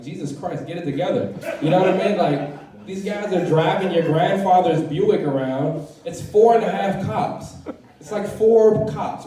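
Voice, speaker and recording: A young man from Southeast Washington, D.C. performs his first stand-up set at an open mic in a comedy club, rambling and swearing with many fillers and restarts. His fairly high voice comes from a distant mic in a very echoey room.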